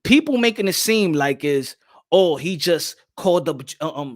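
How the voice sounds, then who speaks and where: A man co-hosting a boxing podcast, talking in an animated, emphatic way and repeating himself. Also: high-pitched, moderate pace. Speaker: podcast co-host. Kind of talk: casual boxing podcast chat.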